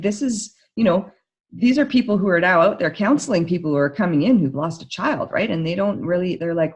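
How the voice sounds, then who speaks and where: Gravelly-voiced woman therapist, chatty. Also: deep voice. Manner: chatty and excitable, many "like" fillers. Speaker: grief therapist. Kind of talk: casual talk to camera.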